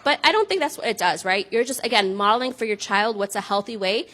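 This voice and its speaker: A woman speaking to a group of parents in an easygoing, conversational way. Her voice sits a little high, and she keeps checking in with her listeners as she explains. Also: expressive, brisk, pushed and bright. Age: adult with a child. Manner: conversational, frequent "right?" check-ins, laughs at herself. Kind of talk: informal talk to parents.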